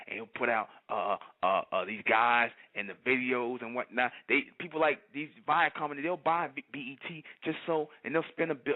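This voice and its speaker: A man, preaching fiercely to his listeners and asking "you understand?" again and again. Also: mid-range voice. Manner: fiery, repeats "you understand?". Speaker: channel host. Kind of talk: preaching monologue. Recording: tinny phone-like audio.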